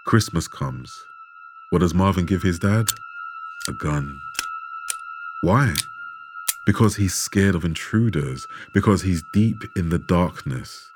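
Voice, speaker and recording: Slow deep-voiced male narrator. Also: animated, background noise. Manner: measured, dramatic storytelling with rhetorical questions. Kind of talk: scripted documentary narration. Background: background music.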